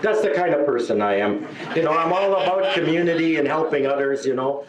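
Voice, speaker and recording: A middle-aged man doing a stand-up comedy set, telling a long story and jumping into higher voices for the people he quotes. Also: a little fast, noisy background. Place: live show venue. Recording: echoey live room.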